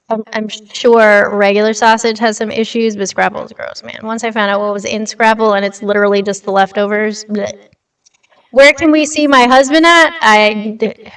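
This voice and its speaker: A woman's voice: on the high side, fairly bright tone, clean tone. A blunt, chatty woman hosting a casual livestream, reading news aloud and replying to her chat. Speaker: livestream host. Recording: slightly distant with light reverb.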